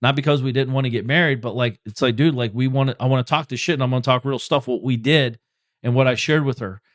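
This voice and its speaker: A man's voice: medium pitch, steady tone, fast, no echo, studio quality. A man in his forties hosting a solo podcast, talking bluntly and with plenty of swearing, in a loose, rambling way full of "like" and "you know", giving motivational advice. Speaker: podcast host.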